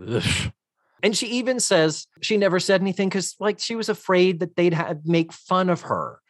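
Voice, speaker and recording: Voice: medium pitch, very animated, moderate pace, dry recording, studio quality. A podcast co-host chatting casually and with exasperation while recapping a TV episode, swearing freely.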